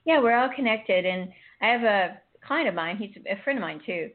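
A woman's voice: mid-range voice, expressive, normal speed. A woman telling a personal faith story in casual chat, emotional and rambling with frequent restarts. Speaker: guest sharing a personal story. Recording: tinny phone line.

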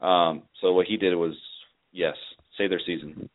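A man who is a regular on a sports talk show talks casually, with a lot of ums and uhs. His voice is very low. It sounds thin and narrow, as if it were coming through a phone. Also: measured pace. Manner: relaxed, filler-heavy. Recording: phone-like line.

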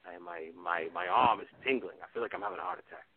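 A man impersonating a loud, husky aging movie star on a phone line. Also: sits low, sing-song, fast talker, exaggerated voice. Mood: anxious. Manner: bursts into sudden shouted exclamations. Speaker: guest impressionist.

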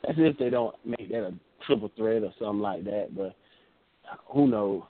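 A man co-hosting a wrestling show, telling a story in a relaxed, casual way with a Southern dialect. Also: lowish voice, moderate pace. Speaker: podcast co-host. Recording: phone-line audio.

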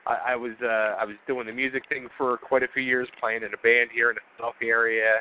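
A man's voice: mid-range voice, little pitch movement. Laid-back man on a tinny phone line. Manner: laid-back, friendly, halting. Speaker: guest, former wrestler. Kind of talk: casual phone interview.

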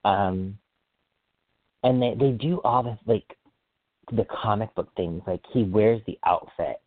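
A man hosting a solo podcast, chatting casually in an excitable, rambling way and often apologizing for going off track. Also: on the low side, slow pace, no echo. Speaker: podcast host. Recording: dry, phone-like sound.

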